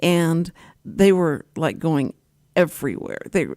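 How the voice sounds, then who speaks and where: An older woman with a drawl chats on her radio show, laughing easily as she tells stories. Her voice swings widely in pitch, animated and expressive. The studio sound is dry and close-miked. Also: slow pace, dry recording. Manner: chatty, laughs often, animated storytelling. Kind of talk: casual chat.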